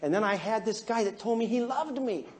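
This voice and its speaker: A man quoting his quiet, hurt wife in a lower, softer voice during a seminar story. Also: expressive, a little fast. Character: quiet, hurt wife, soft-spoken woman.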